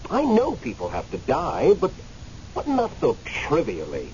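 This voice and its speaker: This radio drama features a man playing someone who has just died and is stuck in limbo; his voice is a little high and a little mellow, with huge pitch swings, a measured pace, and an exaggerated delivery. Earnest and agitated, the angry, pleading character sometimes hesitates and stammers, then grows impassioned. There's faint hiss on the muffled radio recording.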